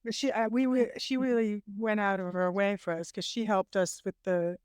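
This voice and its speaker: A woman speaks as a documentary director guest in a relaxed interview. Her voice is smooth and clear at a middle pitch, and the sound is dry and close. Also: normal speed, dry recording. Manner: relaxed, laughing asides. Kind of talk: casual interview answers.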